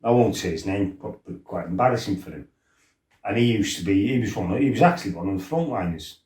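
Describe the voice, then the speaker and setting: A man's voice: lowish voice, animated, fast talker, a little mellow, echoey room. Laughing man telling fight stories. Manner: laughing, swearing, acting out quotes. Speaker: former fighter telling his life story. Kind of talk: casual storytelling.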